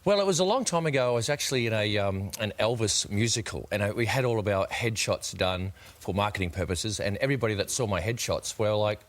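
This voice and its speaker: A man's voice: on the low side, quick pace, few pauses. An Australian man in his thirties, a tribute singer chatting as a guest on a TV talk show, easygoing and self-deprecating with plenty of fillers. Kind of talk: casual TV interview chat.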